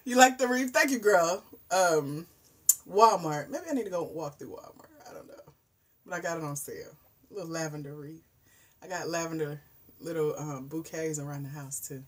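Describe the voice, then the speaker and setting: Woman, forties, husky, livestream host, animated chatter with hushed asides. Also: sits low, moderate pace. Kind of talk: casual livestream chat.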